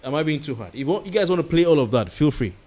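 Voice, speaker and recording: A man's voice: a little high, lively intonation, fast talker, a little mellow. A Nigerian-accented man hosting a late-night talk show, giving a heated commentary monologue with pidgin words mixed in. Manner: passionate and ranting, mixing pidgin words.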